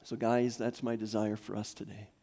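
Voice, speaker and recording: A man in his thirties preaching a sermon in a church, swinging from soft near-whispers to loud, rising calls. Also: fairly low pitch, flat delivery, normal speed. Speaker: pastor. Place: church sanctuary.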